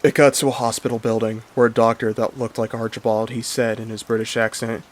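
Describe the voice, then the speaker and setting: A man's voice: medium pitch, level tone, a little fast, few pauses. A man narrating a horror story in a plain, earnest storytelling manner. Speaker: creepypasta narrator. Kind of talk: story reading.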